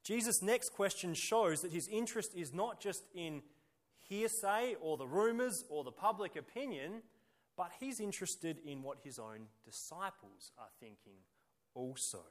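A man preaching a sermon emphatically, piling up rhetorical questions and repeated phrases and moving between loud bursts and quiet, dropped endings. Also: high voice, lively intonation, a little slow.

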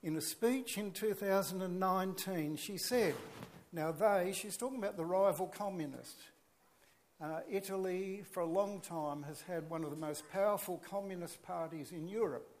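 A man's voice: high voice, moderate pace. A man preaching a sermon, earnest and emphatic, with chatty asides to the congregation.

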